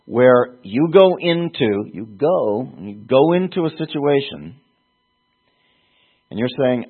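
Slow, husky-voiced male Bible teacher. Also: medium pitch, very animated. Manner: slow, halting, repeats words for emphasis. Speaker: preacher. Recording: tinny phone-like sound.

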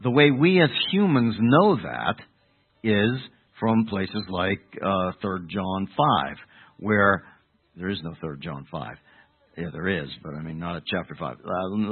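A man preaching an expository sermon, halting and correcting himself as he goes, asking the listeners rhetorical questions. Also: fairly low pitch, big pitch swings, breathy edge. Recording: tinny phone-like narrow sound.

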